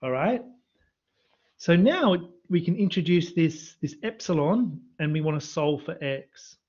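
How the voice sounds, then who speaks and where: This man's voice is a little high with a darkish tone, expressive and unhurried. A university maths lecturer, he's quizzing chat students during a live-streamed revision lesson, captured on a computer mic with dull audio.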